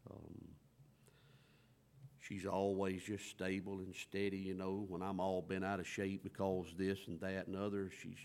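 A man's voice: low voice, monotone, a little slow, a little mellow, smooth. A middle-aged man preaching a conversational sermon in a folksy, storytelling way, acting out quoted lines from scripture.

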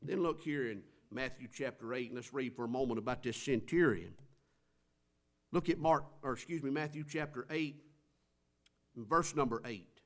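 A man preaching a sermon, swinging between loud stressed phrases and quiet drawn-out words. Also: medium pitch.

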